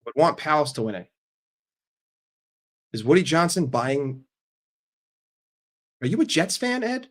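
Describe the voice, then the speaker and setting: A man's voice: a little high, sing-song. A man hosting a live stream who answers his chat casually, speaking bluntly, swearing often and joking. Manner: blunt and profane, answers chat with quick jokes. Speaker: livestream host.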